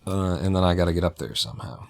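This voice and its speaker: A man's voice: deep voice, animated, fast, vocal fry, a little mellow. A man livestreaming as he plays a game, chatting in a rambling, opinionated way and laughing at his own jokes. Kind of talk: casual gameplay chat.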